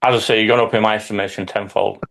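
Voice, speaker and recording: A man, a hobby YouTuber, telling lively anecdotes in casual chat with some swearing. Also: fairly low pitch, rapid-fire, vocal fry.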